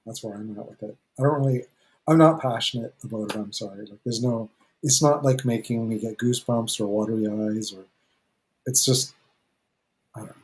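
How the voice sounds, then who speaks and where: A man on a livestreamed music review panel, giving his opinion in a hesitant, halting way. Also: fairly low pitch, poor audio. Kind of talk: casual panel chat on livestream.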